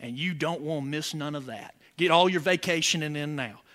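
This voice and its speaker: A man's voice: a little high, a little fast, fairly bright tone. A man preaching a sermon as pastor, asking the congregation questions and building to emphatic points. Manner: preaching with rising emphasis and call-and-response questions.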